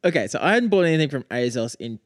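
A man's voice: fairly high pitch, sing-song, fast, no echo. Dry-witted young man. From Australia. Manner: dry wisecracking banter. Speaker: podcast co-host. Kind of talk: casual chat.

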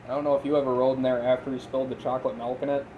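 A man's voice: medium pitch, little pitch movement, rapid-fire, narrow, tinny audio, a little hiss or hum. Laid-back young man swapping stories. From Minnesota. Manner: laid-back, swears freely, laughs while telling stories. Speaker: podcast host. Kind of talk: casual chat.

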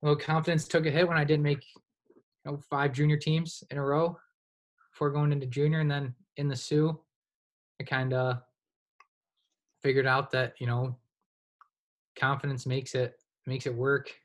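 With a medium pitch, normal speed, and long pauses, a twenty-something college goaltender chats on a podcast as a guest. His relaxed, rambling answers are peppered with "you know."

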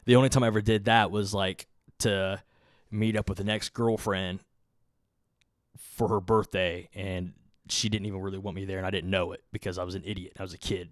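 A young podcast host with a low voice tells a long, rambling story, swearing a lot and using many filler words. The recording is dry and studio quality, and the storytelling is casual.

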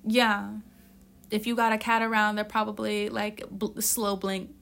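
A woman's voice: medium pitch, little pitch movement, normal speed, a bit bright. A woman doing a casual tarot reading in a blunt, profane, tough-love way, with a youthful-sounding voice. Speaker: tarot reader.

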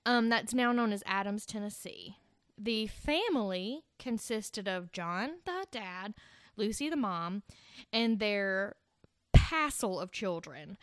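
A woman's voice: medium pitch, animated, slow pace, clear, resonant tone, no room sound, studio quality. A woman hosting a casual podcast, telling a scary story with swearing and joking asides. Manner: swears freely, jokey asides.

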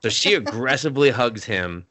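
A podcast co-host with a mid-range, bright voice casually recaps an anime, retelling it loosely and profanely at a normal speed. He's laid-back yet expressive and forceful, swearing freely and acting out characters' lines mid-recap. There's no room sound.

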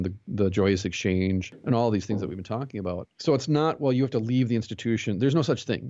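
A man's voice: on the low side, darkish tone, no echo, dull audio. A man who is a pastor and jiu-jitsu instructor, talking earnestly as a podcast guest and telling stories with quoted dialogue. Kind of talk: conversational interview.

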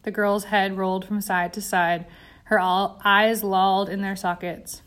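A woman reads a tense story aloud with steady, dramatic pacing. Her narration stays controlled and clear while the story builds suspense. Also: mid-range voice, a little slow. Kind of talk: audiobook narration.

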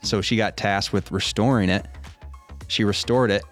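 A man's voice: lowish voice, steady tone, normal speed, faint music behind. A man co-hosting a podcast, telling a long rambling story in casual chat and swearing freely. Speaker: podcast co-host.

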